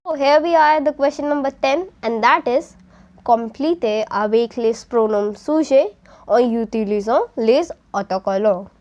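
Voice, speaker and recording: High-voiced Indian woman teaching French. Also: normal speed, a little mellow, dull audio. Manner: step-by-step, mixes Hindi and English. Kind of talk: explaining a textbook lesson.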